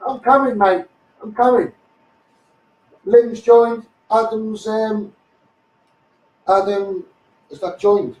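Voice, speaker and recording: A man's voice: high voice, fairly even intonation, takes it slowly, long pauses, darkish tone, echoey room, recorded from a distance, poor audio. A man with a Scouse accent ranting bluntly on a live stream, often asking "you know what I mean". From Liverpool, England.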